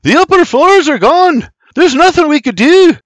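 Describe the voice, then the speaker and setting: Man doing a frantic young man yelling over a fire, high and loud. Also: expressive, drawn-out words, no echo, exaggerated voice. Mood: frantic shouting. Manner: frantic shouting. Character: young man screaming to wake family in fire.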